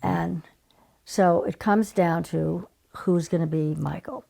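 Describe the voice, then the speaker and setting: An older woman with a deeply gravelly, rough-edged voice sitting lower than most women. She tells her stories with lively energy, slipping into the voices of the people she quotes, in a relaxed interview. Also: takes it slowly. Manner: animated storyteller, acts out quoted people. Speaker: guest, casting director. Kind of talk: casual interview storytelling.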